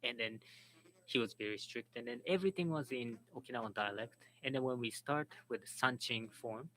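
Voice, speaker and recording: A man moderating and interpreting at a symposium, speaking haltingly and restarting words. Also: mid-range voice, pushed and bright, a little hiss or hum, rough recording. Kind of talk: symposium panel talk.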